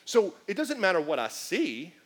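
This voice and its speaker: Male preacher, high and bright, animated delivery. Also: normal speed, slightly rough. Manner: animated preaching with acted asides and shouts. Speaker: pastor. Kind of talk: sermon.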